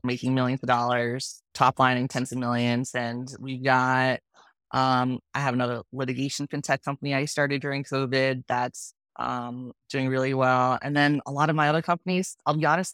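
A woman's voice: very deep voice, a little fast, no echo, clean studio sound. A woman startup founder telling her story in an interview, candid and emotional. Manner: frank, emotional, lively retelling.

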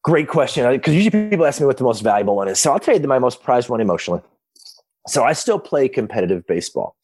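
A man in his fifties telling stories as a podcast guest, casual and animated, often restarting his sentences from his home office. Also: mid-range voice, fast, soft background music. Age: 50s. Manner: excited, animated retelling with many restarts. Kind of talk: casual storytelling.

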